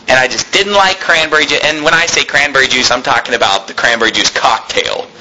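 A man's voice: mid-range voice, fairly quick, bright, forceful tone, a little hiss or hum, poor audio. A man preaching a sermon to a church congregation, chatty and joking as he goes. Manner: conversational preaching with humorous asides and chuckles. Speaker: pastor. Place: church hall.

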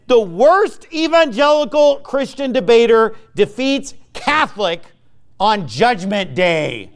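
A high-pitched male pastor preaching a fiery, scornful sermon. He reads scripture quickly and jeers at opponents, jumping from near-shouts to low mutters. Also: clear, resonant tone. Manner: combative, mocking, preacherly; lively, swings between loud and quiet.

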